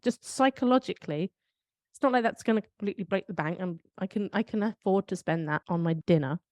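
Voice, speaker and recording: Fairly quick and a little mellow, her mid-range voice comes through in clean studio sound without echo. This podcast co-host from the United Kingdom chats casually, reflecting as she tells stories and questioning herself aloud along the way.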